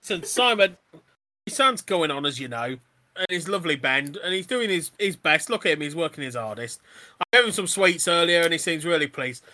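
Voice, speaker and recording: A woman's voice: on the low side, lively intonation, brisk. Woman improvising a brash pushy stage mum with a Cockney accent. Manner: loud, crude and playful. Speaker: improv player. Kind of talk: improvised comedy scene.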